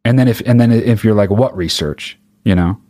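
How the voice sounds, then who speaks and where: A man's voice: fast, mellow. Ranting, profane man. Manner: angry, sarcastic, swears a lot; mocks others in high put-on voices.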